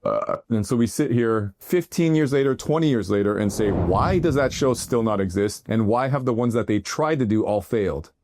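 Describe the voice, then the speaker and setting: A middle-aged man hosting his own art video, giving an animated, jokey motivational monologue that keeps rising into loud bursts. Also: lowish voice, moderate pace, few pauses, background noise. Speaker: artist and video host. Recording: music bed under the voice.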